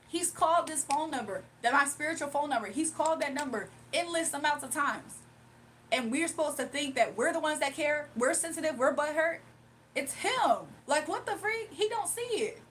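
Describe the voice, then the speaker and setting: High-pitched woman streamer, indignant casual rant, faint hum behind. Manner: animated, indignant, emphatic with laughs. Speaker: live streamer and spiritual reader. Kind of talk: casual ranting livestream.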